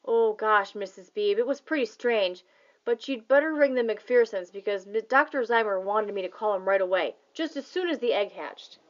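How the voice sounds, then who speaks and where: A woman voicing an excited young boy who rushes to explain things, for a storybook reading. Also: medium pitch, lo-fi sound, close to an everyday voice. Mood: eager. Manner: eager, rushing to explain.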